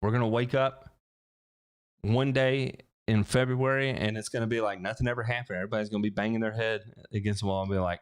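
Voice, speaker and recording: A man's voice: on the low side, fairly even intonation, fast talker, clean tone. Rambling man hosting a livestream. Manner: rambling, many restarts and fillers, joking asides. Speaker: livestream host answering viewer questions. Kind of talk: casual livestream chat. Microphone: headset.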